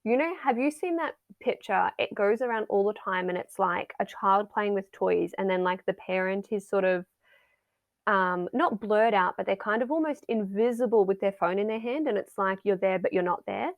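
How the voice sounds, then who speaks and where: A woman's voice: medium pitch, moderate pace, no echo. A middle-aged woman, a wellbeing coach, chatting casually on a podcast and acting out everyday scenes in quoted voices. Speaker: wellbeing and mindset coach, guest.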